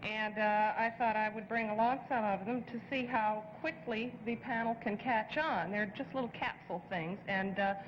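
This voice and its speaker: A woman appears as a celebrity guest on a game show in a TV studio before an audience, bantering playfully and reading comic mysteries in a mock-formal detective voice. She speaks at medium pitch and normal speed with hardly any pauses, captured in lo-fi 1960s TV audio full of reverb and hiss.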